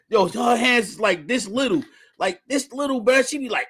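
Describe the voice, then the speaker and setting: A man in a casual chat, animated and slangy, often repeating words as he talks. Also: very high voice, moderate pace, breathy edge.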